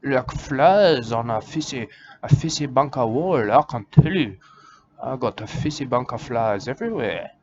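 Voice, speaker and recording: A man's voice: mid-range voice, animated, normal speed, darkish tone, natural voice. A man doing a rambling eccentric bloke. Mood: rambling melancholy. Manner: rambling, full of "uh", keeps saying "I can tell you" and "mate"; broken grammar. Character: rambling eccentric man, self-styled wildlife warrior. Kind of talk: absurd comic monologue. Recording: dull lo-fi recording with clear background noise.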